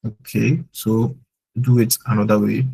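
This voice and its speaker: A man teaches German in a live online class. His voice sits a bit low, with a gravelly, husky grain. He explains sentence order patiently and leans on "like" as he thinks aloud. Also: flat delivery, measured pace, warm tone, low-quality recording. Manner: explains with many "like" fillers.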